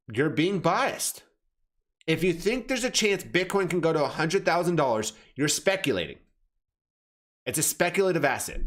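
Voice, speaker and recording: A man's voice: on the high side, fairly bright tone. A man giving blunt, casual commentary on crypto charts, swearing, calling viewers "fam" and often correcting himself mid-sentence. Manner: self-correcting, restarts phrases.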